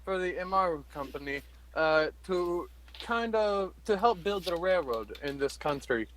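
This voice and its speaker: Man, player in tabletop role-play, polite, hesitant, slightly high voice. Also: lively intonation, measured pace, a bit bright, a little hiss or hum, rough recording.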